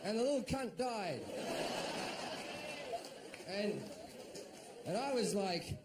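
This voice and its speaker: A middle-aged Australian man doing stand-up, telling a story in a profane, animated way and shouting out his own quoted lines. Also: high voice, slow pace, a crowd in the background, background noise. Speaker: stand-up comedian.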